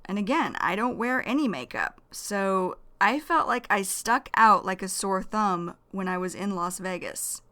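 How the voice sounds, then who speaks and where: A woman's voice: medium pitch, animated, unhurried, few pauses, sharp tone. A young woman teaching English vocabulary, repeating each phrase and defining it in plain words. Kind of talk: slow vocabulary lesson.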